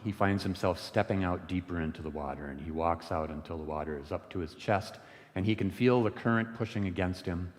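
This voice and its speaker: Deep-voiced man telling a parable in church. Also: big-room sound. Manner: unhurried, gentle retelling of a parable. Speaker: lay worship speaker. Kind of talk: storytelling sermon. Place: church sanctuary.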